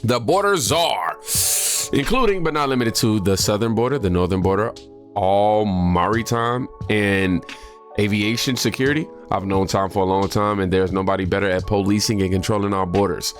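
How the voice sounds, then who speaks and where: A man with a low, deep voice hosts a reaction video in a loose, conversational way. He is sick and short of breath, and he reads posts aloud between his own comments. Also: normal speed, soft background music. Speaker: reaction channel host.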